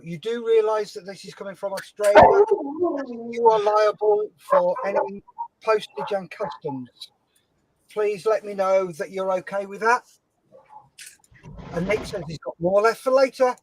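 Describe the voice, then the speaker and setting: A man hosting a live-stream charity auction, brisk and upbeat, reading out chat comments and calling the time left. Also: high-pitched, expressive, slight background noise, poor audio. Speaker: host and auctioneer.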